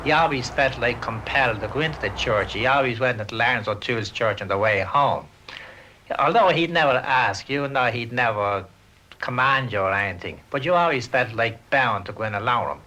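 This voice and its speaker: A man's voice: medium pitch, lively intonation, a little fast, sharp tone, poor audio. A man, earnestly recalling an old acquaintance. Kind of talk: reminiscence.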